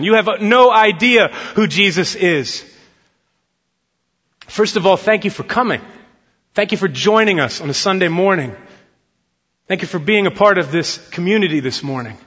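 A male pastor preaching a Sunday sermon, telling a story and acting out its dialogue. His voice is bright and forceful and sits a bit high. The sound is dull and lo-fi, with a long church-hall echo. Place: church sanctuary.

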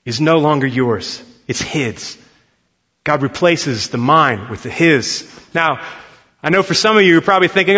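A man's voice: a little high, expressive, normal speed, pushed and bright. A man in his thirties preaching a sermon as a pastor, earnest and conversational, prompting the congregation to answer. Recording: dull, long-reverb hall sound.

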